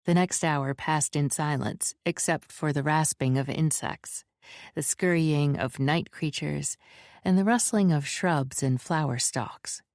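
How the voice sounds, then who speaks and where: A woman reading fantasy fiction as an audiobook narrator, in a measured, descriptive way. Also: low voice, darkish tone, no room sound, clean studio sound. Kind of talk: scripted narration.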